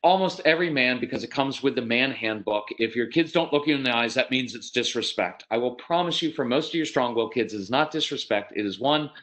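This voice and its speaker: A man's voice: mid-range voice, a little fast, few pauses. A man in his fifties giving a seminar talk to parents, telling stories animatedly, acting out quotes and repeating words as he starts sentences. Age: 50s. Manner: animated storytelling, acts out quotes. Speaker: parenting speaker.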